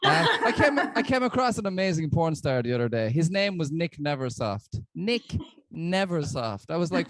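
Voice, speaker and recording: Irish male comic, deadpan stand-up delivery, close dry sound. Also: a little high, normal speed, hardly any pauses, dry recording. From Ireland. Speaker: stand-up comedian. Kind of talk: stand-up set.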